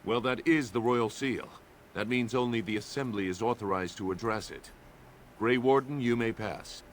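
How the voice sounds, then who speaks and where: An actor playing a stern dwarven gate guard who speaks in a firm, official way. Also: male voice, medium pitch, moderate pace, slight background noise, close to an everyday voice. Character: stern dwarf gate guard, middle-aged man.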